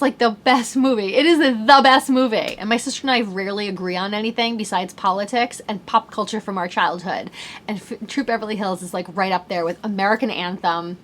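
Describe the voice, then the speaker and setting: A woman's voice: mid-range voice, a little fast, slight background noise. A woman in her thirties hosting a podcast, talking in a bubbly, chatty way and saying "like" a lot. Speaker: podcast host. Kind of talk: casual chat.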